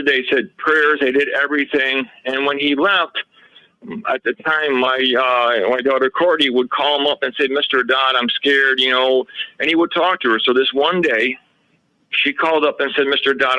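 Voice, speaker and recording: Bright-voiced man telling a long story. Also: medium pitch, dry recording, dull audio. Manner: rambling, quoting others with 'he goes'. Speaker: radio show guest recounting a haunting. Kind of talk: casual interview storytelling.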